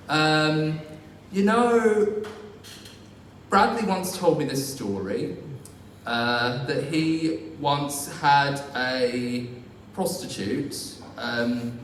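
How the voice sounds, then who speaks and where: A young man doing a live stand-up set, rambling and self-deprecating with many fillers and restarts. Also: mid-range voice. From England. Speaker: stand-up comedian. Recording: far-off echoey hall recording, faint noise.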